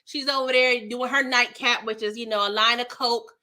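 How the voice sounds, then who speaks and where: A woman's voice: a little high, fairly even intonation, normal speed, sharp tone. A young woman hosting a casual recap of a TV episode, chatty and slangy, reacting with exasperation. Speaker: TV recap host.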